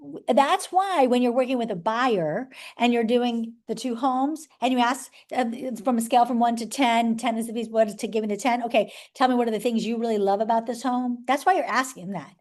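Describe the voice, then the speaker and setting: A woman's voice: fairly high pitch, brisk, few pauses, darkish tone. Chatty woman leading a live workshop. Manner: chatty, joking asides and frequent rhetorical "right?". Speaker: workshop presenter teaching sales skills. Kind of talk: live seminar teaching. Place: room with a live audience.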